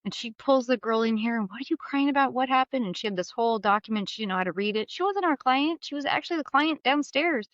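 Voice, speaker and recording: A middle-aged woman as a podcast guest, telling candid, animated stories and acting out the voices she quotes. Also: on the high side, fast talker, few pauses, no room sound. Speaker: guest, mortgage business leader. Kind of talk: candid storytelling interview. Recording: slightly dull studio sound.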